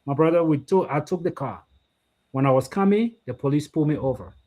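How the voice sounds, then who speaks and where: A man's voice: fairly high pitch, lively intonation, brisk, mellow. A man, a guest in a casual discussion, telling stories and repeating his phrases.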